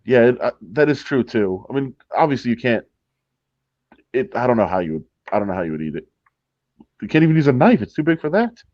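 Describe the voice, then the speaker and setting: A man's voice: medium pitch, sing-song, a little fast, darkish tone, no echo, muffled recording. A man co-hosting a radio show in casual banter, blunt and mocking, laughing often.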